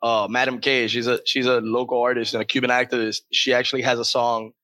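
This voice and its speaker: A man with a Miami accent, a podcast guest chatting casually from home over a remote call, jokey and quick to laugh. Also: mid-range voice, little pitch movement, pushed and bright, no echo. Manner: easygoing, jokey, laughs often. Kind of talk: casual chat. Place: indoors at home.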